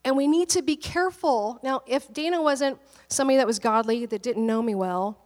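A woman pastor preaching in a relaxed, talkative manner, with a fairly high voice. She tells stories and laughs easily between points. Her voice rings out with the long reverb of a big hall. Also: a little fast. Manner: chatty storytelling, laughs often. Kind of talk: conversational sermon.

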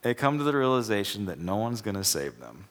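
A man's voice: on the low side, sing-song, a little fast, a bit bright. A young adult man, a pastor, preaching in a church in a loose, conversational way, often restarting his words as he tells a joke to make his point. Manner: conversational, repeats and restarts words, acts out quoted characters. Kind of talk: sermon with a joke told as illustration.

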